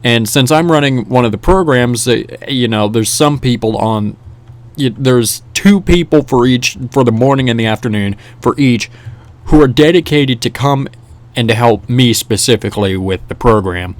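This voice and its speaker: A man's voice: mid-range voice, moderate pace, dry recording. Rambling young man telling a story. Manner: rambling, animated, many restarts and fillers. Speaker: vlogger. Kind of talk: casual storytelling over gameplay.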